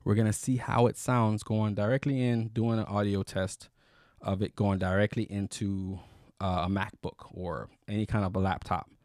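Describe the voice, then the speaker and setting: Low-voiced man reviewing microphones. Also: normal speed, dry recording, studio quality. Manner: relaxed, rambling, many fillers and restarts. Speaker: YouTube gear reviewer. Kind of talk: casual product review. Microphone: close studio microphone.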